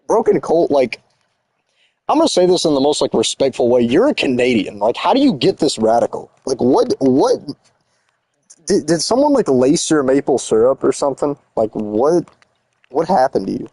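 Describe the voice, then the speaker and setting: A young man rambling through a casual live stream, teasing his chat with a slangy "bro" here and "dude" there. His voice is mellow and warm. The sound is dry and close, with no room around it. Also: mid-range voice, big pitch swings, moderate pace, slightly rough, no room sound.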